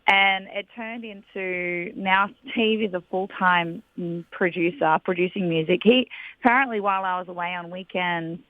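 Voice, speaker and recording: A woman's voice: fairly low pitch, normal speed. A young Australian woman, a singer, chatting casually in a phone interview and laughing often. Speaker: guest singer. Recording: tinny phone line.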